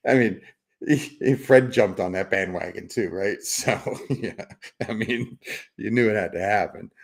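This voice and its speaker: A middle-aged man with a low voice hosts a laid-back livestream, reading chat aloud in a loose, rambling way. His tone is rough and gravelly, and he teases viewers and chuckles often. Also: a little mellow. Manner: rambling, teasing, chuckles often, repeats words. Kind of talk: casual chat.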